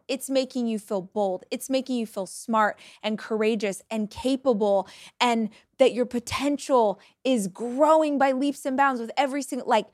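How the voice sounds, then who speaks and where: Energetic woman host in her forties, dry sound. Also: a little high, no echo. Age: 40s. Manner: energetic, blunt, swears casually. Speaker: podcast host. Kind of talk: motivational podcast monologue.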